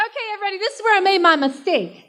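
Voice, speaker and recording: A woman's voice: very high voice, animated, racing, a bit bright. A woman performing a stand-up comedy set on a live stage, brash and chatty, working the crowd. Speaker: stand-up comic.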